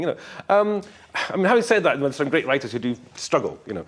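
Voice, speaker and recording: A middle-aged Scottish author, guesting in a casual interview, talks frankly and rambles with plenty of fillers and restarts. His mid-range voice is very animated and fast.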